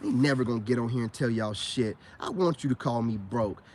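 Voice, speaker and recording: A man's voice: medium pitch, a little fast, darkish tone, slight background noise. A middle-aged man ranting in a profane, boastful monologue full of street slang. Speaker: online commentator.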